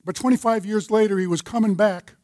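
High-voiced older man teaching a men's Bible study. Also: steady tone, fairly quick, a little mellow, no echo. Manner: storytelling, folksy, with scripture references. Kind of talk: sermon-style teaching.

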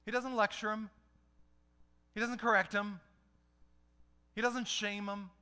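A man's voice: high voice, level tone, unhurried, bright, forceful tone, clear, resonant tone. A middle-aged man preaching a conversational sermon as a pastor, putting questions to his listeners.

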